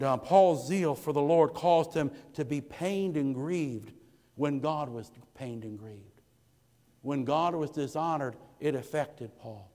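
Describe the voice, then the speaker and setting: A man's voice: medium pitch, a little mellow, in a large hall. A man preaching a sermon as pastor, calling out "amen" to the congregation and swelling into impassioned peaks. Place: church sanctuary.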